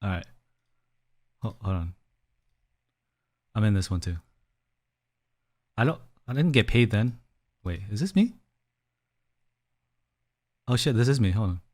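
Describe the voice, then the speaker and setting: A man's voice: lowish voice, very animated, a little slow, long pauses. Chatty man streaming to his chat. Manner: chatty, rambling, talks to chat as "fam". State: out of breath. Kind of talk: casual live-stream chat. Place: small room indoors.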